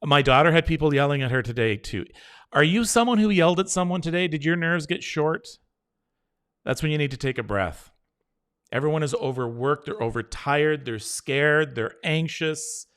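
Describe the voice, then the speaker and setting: A middle-aged man hosting a live show, reassuring and encouraging viewers as he reads their comments and leads a slow breathing exercise. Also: a little high, animated, a bit bright, smooth. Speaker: host.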